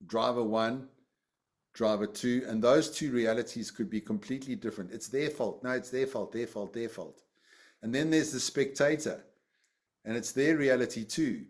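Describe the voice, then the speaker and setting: A man's voice: medium pitch, a little mellow. Male teacher, conversational lecture style, repeats himself, quizzes the class. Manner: conversational, repeats phrases, asks the class questions. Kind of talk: classroom lecture with personal story.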